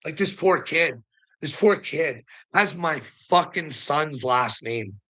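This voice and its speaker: A man's voice: on the high side, lively intonation, slow pace, pushed and bright. A man on an angry livestream rant, swearing heavily and sounding bitter and indignant. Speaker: streamer.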